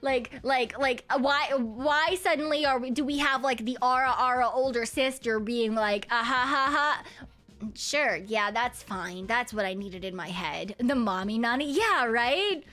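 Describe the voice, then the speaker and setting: Giggly high-voiced woman chatting on stream. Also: a little slow, few pauses, a bit bright. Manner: loose and giggly, swears freely, hums while reading chat. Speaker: VTuber streamer chatting with viewers. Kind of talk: casual chat stream.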